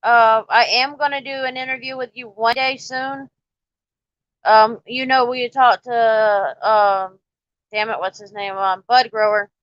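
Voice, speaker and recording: A woman's voice: on the high side, fairly even intonation, a little slow, no echo, lo-fi sound. Drawling woman on a livestream. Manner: coaxing and teasing, drawling. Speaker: livestream host. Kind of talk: casual live-stream chat with viewers.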